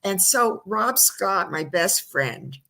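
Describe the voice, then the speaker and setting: A woman's voice: mid-range voice, lively intonation, slow, creaky, sharp tone. A middle-aged woman hosting a live-streamed talk show, telling long rambling stories in a chatty way. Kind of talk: casual chat. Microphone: streamed studio mic.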